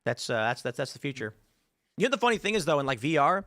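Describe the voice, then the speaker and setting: Fast-talking male talk show host. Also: a little high, no room sound, studio quality. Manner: fast, animated storytelling with quoted voices. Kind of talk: casual panel talk show.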